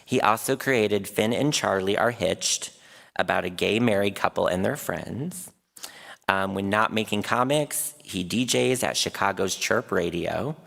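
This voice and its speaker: A man's voice: lowish voice, gravelly, fairly bright tone. A man hosting an event, reading a scripted introduction of the speakers. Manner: reads from a script, corrects a slip with a laugh. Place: large event room. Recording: long reverb of a large hall.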